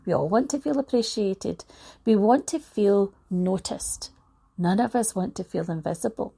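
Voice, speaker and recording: A woman giving a motivational talk, moving between hushed guided imagery and lively storytelling. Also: mid-range voice, moderate pace, vocal fry, breathy edge. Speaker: motivational speaker.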